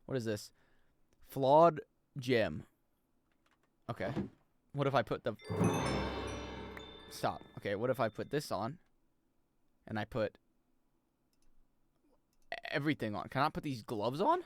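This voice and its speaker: A young man giving casual, jokey commentary as he plays a video game, swearing and breaking into loud high-pitched yells. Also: animated, takes it slowly, long pauses, heavy background noise. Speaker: streamer.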